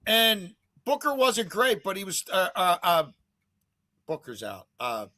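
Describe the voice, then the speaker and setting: A man's voice: high voice, wildly swooping pitch, unhurried, bright, forceful tone, no echo. A man hosting a betting talk show, rambling in casual, profane, gloomy chat.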